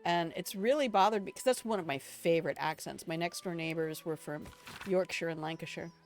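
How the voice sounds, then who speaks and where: An older woman from Alabama rambles through stories and asides while she plays, talking casually to her viewers. Her voice sits a little low for a woman, with faint game music underneath. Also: fairly quick. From Alabama, United States. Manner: chatty, rambling storyteller talking to chat. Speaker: game streamer. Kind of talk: casual let's-play commentary.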